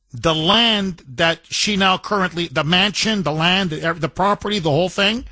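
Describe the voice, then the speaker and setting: A man's voice: high voice, pushed and bright, no room sound. A man hosting a talk radio show from a studio, delivering a combative, emphatic monologue and taking calls. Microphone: studio microphone.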